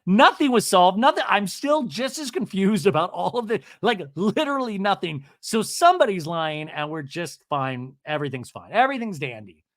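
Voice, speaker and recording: Lively man hosting a TV recap podcast. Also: sits high, normal speed, hardly any pauses, no room sound, clean studio sound. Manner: animated, rambling, crude jokes. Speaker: podcast host. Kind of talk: casual TV recap commentary.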